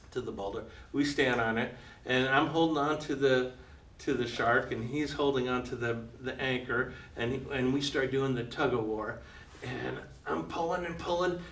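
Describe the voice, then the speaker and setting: A man's voice: fairly high pitch, a bit bright. An older man telling a personal adventure story to a live audience, chuckling often and acting out the voices of the people in it. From United States. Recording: roomy, slightly distant, faint background hum.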